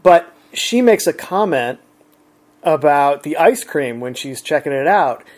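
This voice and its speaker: A man's voice: fairly high pitch, expressive, a little slow. A man relaxedly retelling an everyday encounter in a chatty, conversational way. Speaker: storyteller. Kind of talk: casual anecdote.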